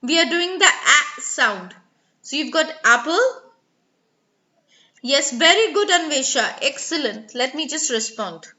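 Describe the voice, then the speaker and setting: Woman, high bright voice, careful enunciation, encouraging teacher, dull lo-fi online class audio. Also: lively intonation, unhurried. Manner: clearly enunciating model words; coaxing and praising students by name. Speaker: English pronunciation teacher. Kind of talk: live online class instruction.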